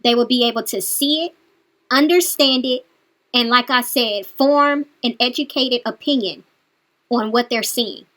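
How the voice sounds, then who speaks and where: A woman with a high voice delivers reaction commentary, lecturing and mocking the person she addresses. Her tone stays cutting and sarcastic throughout. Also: measured pace, fairly bright tone. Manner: scolding, sarcastic, talks straight to the subject.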